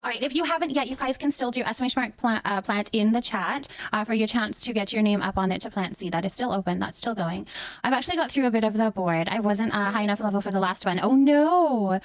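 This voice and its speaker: A woman's voice: medium pitch, quick pace, no room sound. A young woman live streaming a game, chatting affectionately with viewers and thanking them by name. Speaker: livestreamer reading out viewer chat. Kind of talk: casual live stream chat while gaming.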